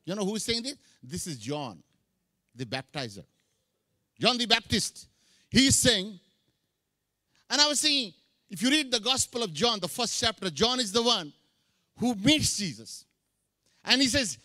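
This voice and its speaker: A man's voice: high voice, very animated, measured pace, pauses often, bright, forceful tone, dry recording, clean studio sound. A middle-aged man preaching a sermon, mixing English with Hindi phrases. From India. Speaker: pastor.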